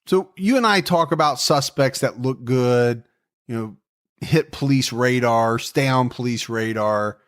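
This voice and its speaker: A man's voice: medium pitch, unhurried, a bit bright. Man casually telling a true-crime story. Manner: jokey, conversational storytelling with asides. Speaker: podcast co-host.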